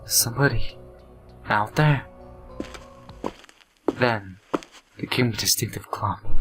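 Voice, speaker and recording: A man's voice: lowish voice, slow, pauses often, over music, low-quality recording. A half-asleep man hosting a let's play, reading the game's text aloud with asides and stumbling, stuttering delivery.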